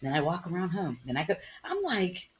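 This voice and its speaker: A woman co-hosting a casual chat podcast. She talks in an animated, joking way and often breaks into laughter. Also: on the low side, a little fast, noisy background. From United States. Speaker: podcast co-host.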